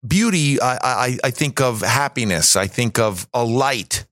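A man's voice: mid-range voice, lively intonation, a little slow, a bit bright, no echo, studio quality. A man in his forties, a podcast guest, chatting casually and rambling with lots of fillers and restarts while poking fun at himself. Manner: rambling, self-mocking, many fillers and restarts. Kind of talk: casual chat.

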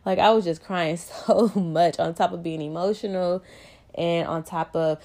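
A woman's voice: lowish voice, normal speed, a little mellow. A young pregnant woman vlogging to her viewers in a casual, rambling way, often out of breath and full of "like" and "you know".

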